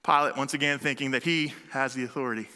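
A male preacher delivering a sermon in an animated, conversational way. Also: mid-range voice, fast. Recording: long hall reverb.

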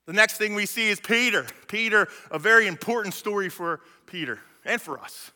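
Guy giving a sermon, high voice, super bright, casual slangy storytelling, long echo from a big church hall. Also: normal speed. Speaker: preacher.

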